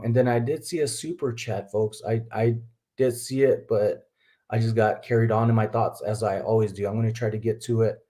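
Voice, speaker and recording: A man's voice: medium pitch, darkish tone. Male live-stream host, middle-aged, from Texas, rambling and chatty, mid-range voice. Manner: rambling, chatty, laughs often, talks to viewers as folks. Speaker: livestream host, reseller. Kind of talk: casual live-stream chat.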